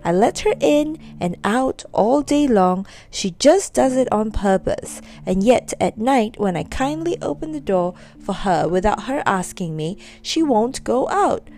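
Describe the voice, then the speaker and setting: A woman's voice: fairly high pitch, animated, measured pace, few pauses, a little mellow. A woman reading as a fretful forgetful old husband. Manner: fretful, exclaiming.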